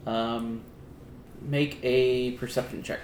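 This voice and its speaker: A man's voice: medium pitch, level tone, a little mellow. Laid-back male game master, roomy sound. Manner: laid-back, halting narration. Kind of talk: narrating a tabletop game. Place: room with the players at the table. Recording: roomy with faint noise.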